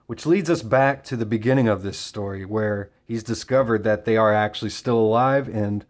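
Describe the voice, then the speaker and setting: A man with a somewhat low voice walks through a comic issue panel by panel. His delivery is relaxed and conversational, dotted with hesitations and filler words. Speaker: comic book reviewer. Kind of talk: casual review talk.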